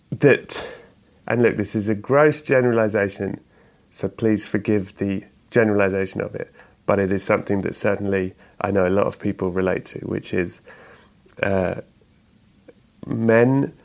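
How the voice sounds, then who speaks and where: Chatty man with a lowish voice. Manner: rambling, self-correcting, chuckles often. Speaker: actor and writer guest. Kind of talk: relaxed interview chat.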